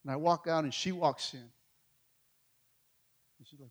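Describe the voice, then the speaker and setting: A middle-aged male pastor, telling a story in a sermon, swinging between hushed and loud. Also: fairly high pitch, unhurried.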